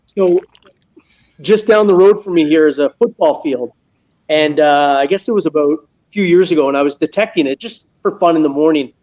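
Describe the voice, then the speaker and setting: A Canadian man who detects metal as a hobby, telling a funny story in a casual live chat and acting out his own yelling. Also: fairly high pitch, brisk, lo-fi sound.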